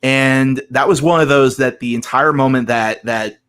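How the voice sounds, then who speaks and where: A man speaking at a middling pitch, answering podcast questions in a casual way. He hesitates, restarts his sentences and fills the gaps with ums. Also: moderate pace, a bit bright, clean tone. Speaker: podcast guest, competitor.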